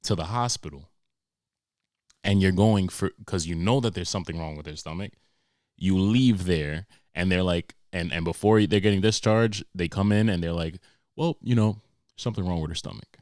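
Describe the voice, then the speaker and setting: A young man, hosting a podcast and telling comic stories in a profane, animated way with sarcastic asides. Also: sits low, normal speed, no room sound, studio quality. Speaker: podcast host. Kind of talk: comedic monologue.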